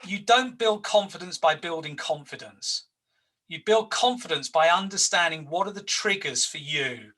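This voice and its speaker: A man in his sixties leads an HR workshop in a bright, fairly high voice. He tells anecdotes and hammers his points home by repeating his words. He sits some way from the mic, as on a video call. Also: recorded from a distance, rough recording. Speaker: HR coach.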